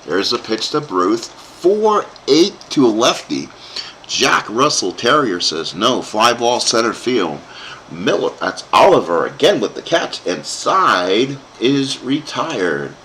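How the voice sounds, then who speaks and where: A man's voice: on the low side, sing-song, takes it slowly, pushed and bright, slight background noise. A man calling play-by-play for a tabletop baseball game he is playing himself, rambling into asides for his live chat. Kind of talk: play-by-play commentary of a dice game.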